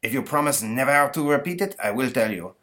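A man's voice: mid-range voice, animated, fairly quick, bright, forceful tone, voice pushed up. A man voicing a pompous male ghost of a French emperor, with a put-on French accent and a grand, fussy manner. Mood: grandiose.

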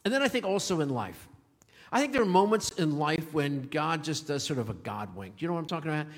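A male pastor delivers a sermon in an easy, storytelling manner, chuckling as he goes. His voice sits a little high for a man. The sound carries the long reverb of a church sanctuary. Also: sing-song, fairly quick. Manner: storytelling, chuckles often, warm conversational preaching.

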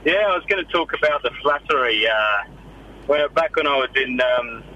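Bright-voiced young English caller. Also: male voice, medium pitch, normal speed, low-quality recording. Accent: English with slight Australian twang. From England. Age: 20s. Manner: sheepish, laughs things off. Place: in a car.

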